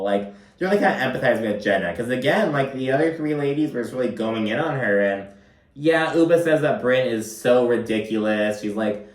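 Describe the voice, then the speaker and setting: Brief: man, mid-pitched, chatty profane recap commentary, recorded a bit off-mic in an echoey room. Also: normal speed. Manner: gossipy, profane, frequent "like" fillers. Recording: roomy, distant from mic.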